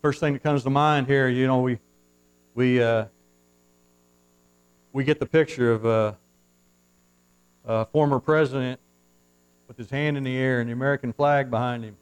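A male pastor preaching a sermon from the pulpit, swinging from hushed asides to loud, fervent surges and reading scripture in formal old-fashioned wording. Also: mid-range voice, steady tone, normal speed, long pauses, clean tone, poor audio. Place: church, at the pulpit.

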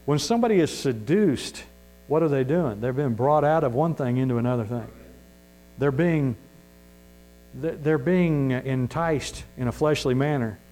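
A man's voice: fairly high pitch, mellow, low-quality recording. A man preaching a sermon in a folksy, emphatic way, his voice rising to stress a point. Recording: mains hum.

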